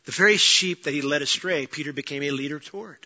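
A man preaching a sermon, telling a story with lively acted-out lines, swinging from loud and fast to quiet and low. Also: muffled recording. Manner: animated storytelling, acting out quoted lines, rising to near-shouting then dropping low. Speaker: pastor.

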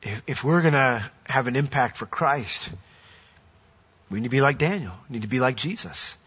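A man's voice: mid-range voice, lively intonation, moderate pace, fairly bright tone, husky, highs cut off. A man preaching a sermon as pastor, earnest and building to emphatic declarations.

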